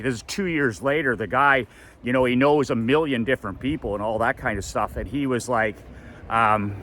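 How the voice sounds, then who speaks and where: A man with a bright, forceful voice tells a story as a motivational coach. He acts out the quoted lines with sudden high jumps in pitch. He repeats his motto the way a preacher would. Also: normal speed. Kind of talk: storytelling monologue.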